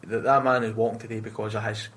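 Scottish man telling animated, sweary stories. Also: lowish voice, fast talker, background noise. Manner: swears freely, animated storytelling. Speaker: prison officer. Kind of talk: casual interview chat.

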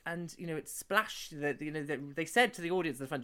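A man's voice: on the high side, animated, a little fast, fairly bright tone, clear, resonant tone. A man co-hosting a spoof review show, talking in a rambling, mock-earnest way. He keeps stalling and restarting his sentences, trailing off and circling back. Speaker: co-host. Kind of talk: deadpan comedy review chat.

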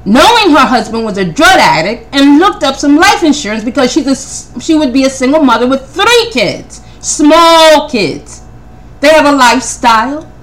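A woman hosting a podcast, talking through her notes in casual commentary, firing off one pointed question after another and often repeating her words. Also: high voice. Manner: animated, rapid-fire questioning, repeats words; preacherly Christian tone. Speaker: podcast host.

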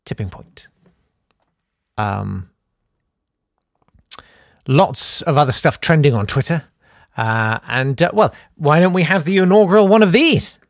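A man hosting a satirical comedy monologue, sarcastic and mock-indignant, who sometimes breaks into shouted riffs. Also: fairly high pitch, normal speed, dry recording, studio quality. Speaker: comedian host.

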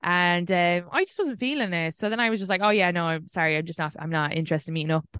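A young Irish woman hosting a podcast, telling dating stories in a casual video call, animated and swearing freely. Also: lowish voice, fast, clean tone, no room sound, studio quality. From Ireland. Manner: swearing storyteller, animated retelling. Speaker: podcast host.

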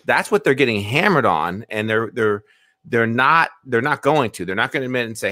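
A man co-hosting a political talk show who explains his points in a measured way. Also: mid-range voice, lively intonation, pushed and bright, no echo, clean studio sound. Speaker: co-host.

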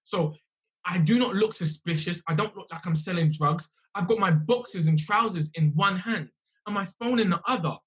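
A young man, a musician telling his story in a casual, animated way, often repeating himself. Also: high-pitched, moderate pace. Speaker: musician guest.

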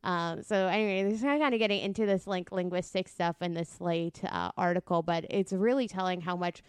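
A woman co-hosting a casual podcast, with a lowish, smooth and clear voice. She works through her points thoughtfully, with frequent ums, in a dry, close recording. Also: a little fast, no room sound. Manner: explaining, thoughtful, many fillers. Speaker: podcast co-host. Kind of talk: casual chat.

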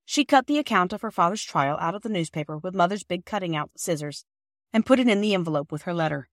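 A woman narrating a classic children's story as the podcast's reader and host, in a clear, even reading voice. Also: lowish voice, quick pace, no echo, studio quality.

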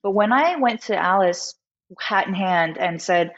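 A woman guest musician telling a personal story in a candid interview, animated and full of fillers. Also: medium pitch, unhurried, lo-fi sound.

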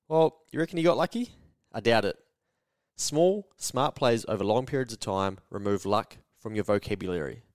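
A man's voice: lowish voice, no echo, studio quality. A man with a New Zealand accent hosting a podcast lesson in a casual, chatty, slangy and emphatic way. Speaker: podcast host.

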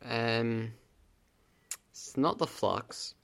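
A man's voice: medium pitch, very slow, gravelly, a bit bright. A man co-hosting a casual podcast, teasing his partner and laughing, mostly giving short replies. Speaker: podcast co-host.

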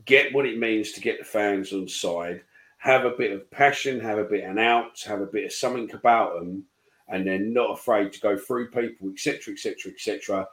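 A man's voice: lowish voice, fairly quick, a bit bright, poor audio. A man co-hosting a casual football chat show, blunt and sweary. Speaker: podcast co-host.

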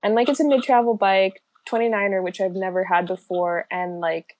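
A woman's voice: medium pitch, fairly even intonation, moderate pace, dry recording. A young woman chatting casually as a podcast guest, laughing often and filling with lots of likes and ums. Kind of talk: casual chat.

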